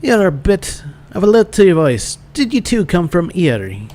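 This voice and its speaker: Kindly woman healer with a shaky Irish accent, pitched high and loud, as a man fakes it. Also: sing-song, moderate pace. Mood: cheerful. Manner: put-on, wobbly lilt, cheerful. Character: kindly female healer and paladin teacher.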